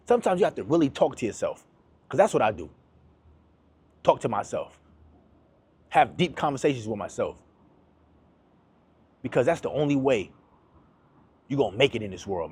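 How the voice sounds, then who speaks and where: Husky-voiced man giving a pep talk. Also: fairly high pitch, big pitch swings, brisk, darkish tone, no room sound. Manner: emphatic, repetitive, slangy and direct. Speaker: motivational YouTuber. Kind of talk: motivational talk to camera.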